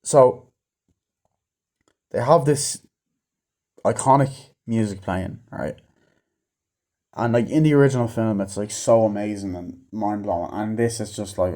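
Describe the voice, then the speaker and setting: A man's voice: on the low side, measured pace, pauses often, mellow. A man giving a casual, rambling film review, swearing often and acting out lines from the film. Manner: rambling, frequent swearing and fillers; acts out film lines in raised voice. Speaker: movie reviewer. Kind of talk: casual rant.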